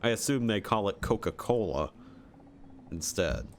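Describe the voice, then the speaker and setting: A man's voice: on the low side, very animated, unhurried, a little hiss or hum. A man with a Michigan accent, rambling and chuckling as he talks to viewers during casual gameplay commentary. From Michigan, USA. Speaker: streamer.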